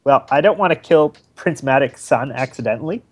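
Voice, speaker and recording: A man's voice: medium pitch, lively intonation, a little fast. A man playing a tabletop game, talking casually and reasoning aloud about what to do. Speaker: player.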